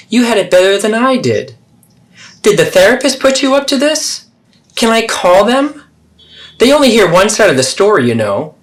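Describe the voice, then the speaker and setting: A man's voice: sits high, a bit bright, pitched above the performer's own voice, exaggerated voice. A man voicing a defensive, self-pitying middle-aged mother in a therapy role-play, deflecting and indignant. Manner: dramatic, deflecting, swings between hurt and indignant.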